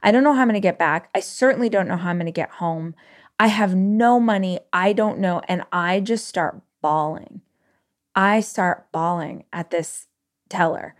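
Woman, podcast host, slightly low voice, emotional personal storytelling, quick bursts.

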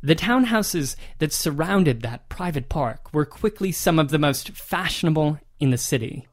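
A man with a somewhat high voice narrates a historical ghost story on a podcast. He talks in a relaxed, conversational way and reads old newspaper passages aloud. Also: normal speed. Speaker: podcast co-host.

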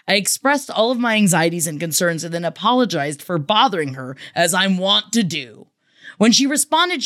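A woman's voice: mid-range voice, a bit bright, dry recording, clean studio sound. A woman podcast host reading listener messages aloud, emotional and affectionate, swearing freely. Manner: effusive and affectionate.

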